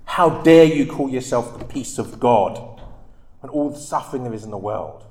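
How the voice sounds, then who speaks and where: A man's voice: medium pitch, expressive, moderate pace, a little mellow, lightly acted. A man reading as a bitter anarchist. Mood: scornful. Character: bitter male anarchist, scornful and accusing. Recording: echoey room.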